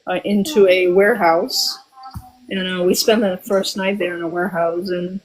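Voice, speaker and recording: A woman in her forties from Albania, telling a personal story as a guest, reflective and often pausing with ums and restarts. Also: lowish voice, level tone, low-quality recording.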